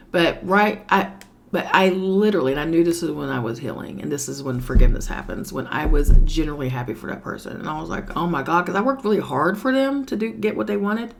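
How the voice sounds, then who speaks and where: A woman's voice: lowish voice, vocal fry, slight background noise. A woman giving a casual tarot reading while sick with a cold, talking in a chatty, sassy way and swearing now and then. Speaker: tarot reader.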